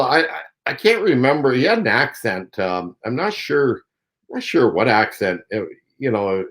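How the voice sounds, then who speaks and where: A man's voice: medium pitch, rough recording. A Canadian angler tells a story from his past in an easy, conversational way. His speech wanders, full of fillers and restarts. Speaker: professional angler and show host. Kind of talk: casual storytelling.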